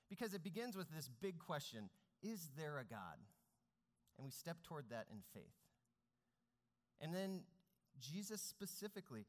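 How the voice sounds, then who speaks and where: A man preaching a sermon as pastor, speaking earnestly with rising and falling emphasis. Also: on the high side. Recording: long reverb of a large hall.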